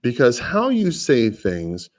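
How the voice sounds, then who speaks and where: A man with a lower voice, a real estate agent hosting a live prospecting podcast, talking in a casual, folksy, rambling way with restarts. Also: huge pitch swings, slow. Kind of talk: live phone prospecting session with coaching asides.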